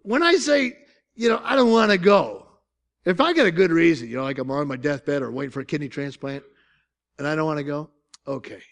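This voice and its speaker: An older man preaches in an Upstate New York accent, telling stories with jokes and laughter. His pitch swings widely and sits a bit high. His voice has a gravelly edge. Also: a little fast. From Syracuse, New York. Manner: animated, joking storytelling with laughs. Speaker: pastor. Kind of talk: sermon.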